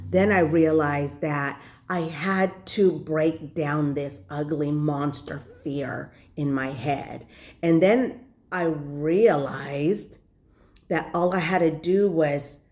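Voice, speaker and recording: A woman's voice: low-pitched, a little mellow. A woman life coach giving an earnest, conversational motivational talk to the camera, with frequent fillers. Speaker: life purpose and leadership coach.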